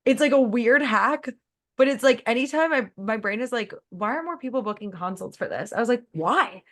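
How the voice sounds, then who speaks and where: Animated woman business coach. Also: a little high. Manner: animated, fast and emphatic, acts out her own thoughts. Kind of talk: coaching call.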